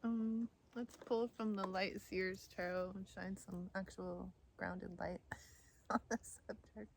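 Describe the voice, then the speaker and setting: With a gravelly, medium-pitched voice and a steady tone, this Idaho woman takes her time over a casual tarot reading in the woods, sharing a childhood story and laughing often. The background is noisy, with faint outdoor ambience.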